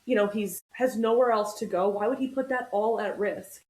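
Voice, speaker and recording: A woman's voice: medium pitch, normal speed, a little mellow. A woman co-hosting a podcast, talking casually and thoughtfully and often agreeing. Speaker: podcast co-host. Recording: roomy echo.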